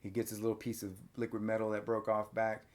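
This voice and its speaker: Man animatedly recapping a movie. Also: lowish voice. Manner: animated retelling, acts out lines in quick voices. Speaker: podcast host. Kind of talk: casual movie recap chat.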